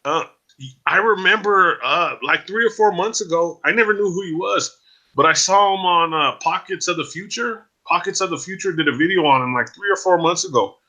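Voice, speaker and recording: A man in his forties, a guest in a casual chat over a video call, talking in an animated way and often asking "you know what I mean?". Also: high voice, fairly quick.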